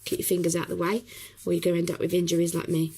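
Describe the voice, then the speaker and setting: A woman with a hoarse, croaky voice from a cough, explaining a craft project step by step in a chatty way with many pauses. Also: fairly low pitch, completely flat delivery, warm tone, low-quality recording. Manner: chatty, talks while working, many ums. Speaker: craft tutorial host. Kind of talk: casual craft tutorial.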